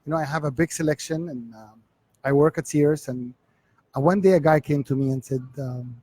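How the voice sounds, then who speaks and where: A man in his forties from Egypt with an Egyptian accent, telling his life story as an interview guest, halting and repeating words as he looks for the English. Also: on the high side, warm tone.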